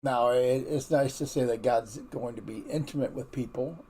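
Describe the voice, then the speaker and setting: A man teaches a relaxed morning Bible devotion in an everyday mid-pitched voice. His delivery is folksy and candid, loosely conversational rather than preachy. He often doubles back and restarts his sentences as he works out his thoughts. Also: moderate pace, husky.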